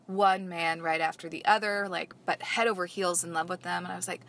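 A woman's voice: on the low side, steady tone, brisk, creaky, few pauses, a bit bright. A woman telling a frank, comic personal story in casual chat, acting out the people she quotes. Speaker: podcast guest.

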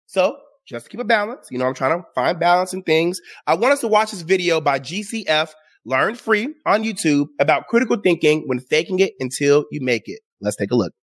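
A man's voice: on the high side, animated, fairly quick, few pauses. A man hosting his own show, giving casual opinion commentary in a sarcastic, exasperated way and addressing his audience directly. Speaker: show host.

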